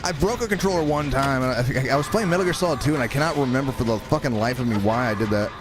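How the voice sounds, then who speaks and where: A man livestreaming a game, chatting casually with excitable, profane, rambling banter and yelling at teammates. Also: mid-range voice, fast talker, music in the background. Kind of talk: live gameplay commentary.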